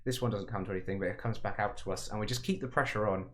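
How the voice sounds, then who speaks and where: A man's voice: lowish voice, very fast, fairly bright tone. A man giving casual, rambling commentary on a football management game, chatty and self-mocking with frequent asides. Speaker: gaming commentator.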